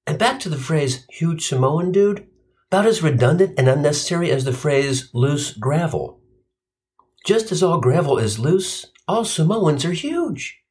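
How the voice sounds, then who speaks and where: Middle-aged guy from cincinnati doing a salty comedy bit, dry and sarcastic, pitch all over the place. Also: big pitch swings, measured pace, a little mellow. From Cincinnati, USA. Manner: sardonic, profane, punchline-driven. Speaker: stand-up comedian. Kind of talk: comic monologue.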